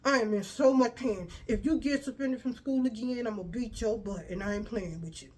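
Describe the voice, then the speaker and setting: A woman's voice: on the high side, normal speed, darkish tone, husky. A woman voicing a grumpy grown woman who poses as a mother, curt and impatient and claiming her mouth is sore.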